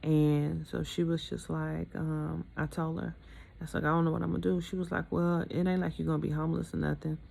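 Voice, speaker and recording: Low-voiced woman venting about her divorce. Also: little pitch movement, fairly quick, vocal fry, a little mellow. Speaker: vlogger telling her own divorce story. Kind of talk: emotional personal storytelling.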